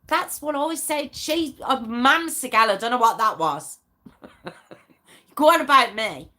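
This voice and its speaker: Bright-voiced chatty woman host. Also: fairly high pitch, expressive, measured pace. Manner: chatty, laughing, reads out viewer comments. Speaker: true crime livestream host. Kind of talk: casual live chat with viewers.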